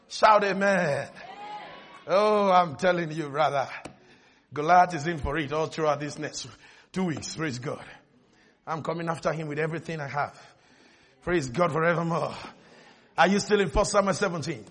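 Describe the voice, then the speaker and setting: A man preaching a sermon, often shouting and calling on the congregation to respond. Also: a little high, moderate pace, slightly rough. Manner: shouting, call-and-response exhortation.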